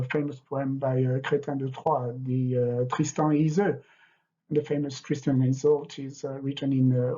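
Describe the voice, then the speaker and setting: Older man, husky. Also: medium pitch, dark tone. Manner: hesitant, many fillers, explanatory. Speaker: French literature teacher. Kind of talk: lecture with poetry reading. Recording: dull, lo-fi.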